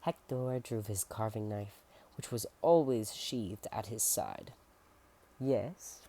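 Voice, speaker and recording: A soft-spoken ASMR narrator reading a storybook aloud, slipping into whispers and making playful asides. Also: mid-range voice, unhurried.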